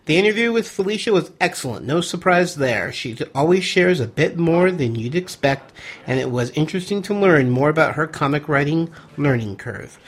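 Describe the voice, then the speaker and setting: A man's voice: a little high, expressive, normal speed, breathy edge. A man hosting a podcast, chatting casually, laughing easily and reading out listener emails. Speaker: podcast host.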